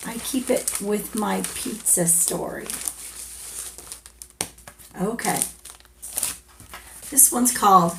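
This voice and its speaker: A woman teacher reading a picture book aloud to young children in a gentle, playful storyteller manner. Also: medium pitch, slow, vocal fry, pauses often, slight background noise.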